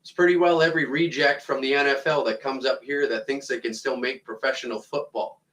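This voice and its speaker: A man's voice: mid-range voice, steady tone, a little fast, a bit bright, rough recording. Foul-mouthed Canadian man ranting. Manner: angry, swearing constantly, blunt and mocking. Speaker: comedic ranter. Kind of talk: profane comedic rant to camera.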